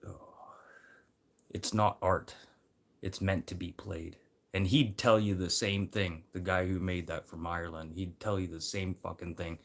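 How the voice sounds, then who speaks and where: This man chats loosely with the people watching his livestream, cursing without restraint and shifting from quiet muttering to booming encouragement.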